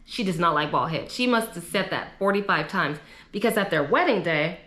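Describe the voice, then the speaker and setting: A woman's voice: on the low side, normal speed. A young adult woman, chatting casually and opinionatedly as she recaps a reality show. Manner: chatty, opinionated, animated asides. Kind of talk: casual chat. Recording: echoey room.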